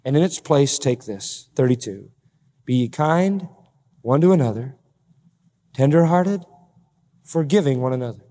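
A man preaching an expository sermon, emphatic, swinging between loud high bursts and low quiet asides. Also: lively intonation, a little slow, pauses often, big-room sound.

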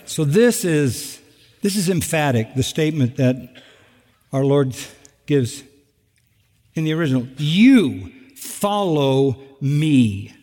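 Middle-aged male pastor, lively sermon delivery, slightly high voice, long hall reverb. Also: unhurried, long pauses. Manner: animated, with sarcastic asides and acted-out quotes.

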